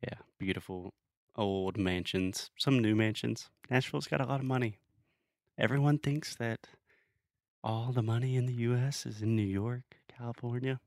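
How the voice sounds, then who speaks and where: A man's voice: medium pitch, moderate pace, creaky, no room sound, studio quality. A man, co-hosting a podcast and casually explaining English pronunciation in a playful, teasing way. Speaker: podcast co-host, English teacher. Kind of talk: casual conversational English lesson.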